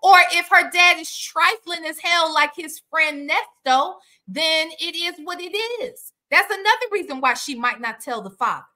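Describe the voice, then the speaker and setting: Bright, outspoken woman livestreamer. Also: very high voice, normal speed, hardly any pauses. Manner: outspoken, profane, animated. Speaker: livestream host. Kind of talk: casual reaction livestream chat.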